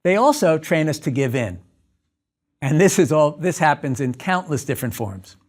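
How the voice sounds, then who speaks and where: A man's voice: fairly high pitch, big pitch swings, moderate pace. Man giving a storytelling lecture. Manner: storytelling, acts out dialogues. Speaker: clinical psychologist. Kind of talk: lecture talk.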